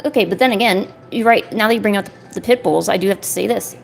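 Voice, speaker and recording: A woman's voice: mid-range voice, fast, vocal fry, slight background noise. A woman art streamer chatting casually while she works on a paper craft, rambling along and filling her talk with "you know" and "like".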